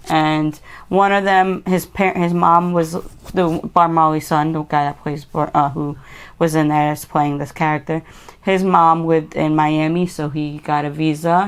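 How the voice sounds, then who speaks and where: A woman's voice: sits low, smooth. A woman co-hosting a casual podcast, retelling film plots in a chatty, rambling way. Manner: chatty, rambling movie recaps. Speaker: podcast co-host. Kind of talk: casual chat.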